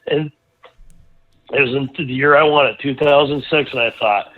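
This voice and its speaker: A middle-aged man, a guest racing driver, telling a rambling, animated anecdote in casual conversation, full of restarts. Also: mid-range voice, moderate pace. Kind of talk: casual storytelling. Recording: tinny phone-like line.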